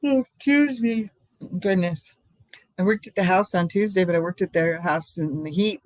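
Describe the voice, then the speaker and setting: A woman's voice: lowish voice, fairly even intonation, normal speed, a little mellow, no room sound. An older woman hosting a casual live stream, chatting in a rambling way from home and laughing often.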